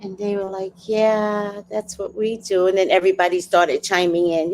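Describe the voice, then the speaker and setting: A woman's voice: mid-range voice, flat delivery, normal speed, hardly any pauses, a little mellow. A woman in her fifties hosting a livestream, telling a family story in casual chat. She acts out the people she quotes, laughs often and swears freely. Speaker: livestream host.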